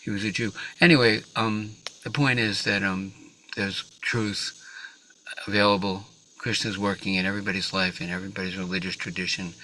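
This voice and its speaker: A man's voice: on the low side, steady tone, a little fast, bright, forceful tone, rough recording. A man giving a religious class in a temple, telling a story with many fillers and restarts. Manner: hesitant starts, many fillers. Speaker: class speaker. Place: temple hall.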